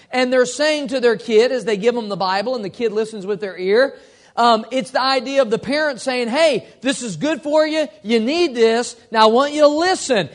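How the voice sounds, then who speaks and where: High-voiced male pastor, earnest teaching sermon. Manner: earnest teaching, reads scripture slowly.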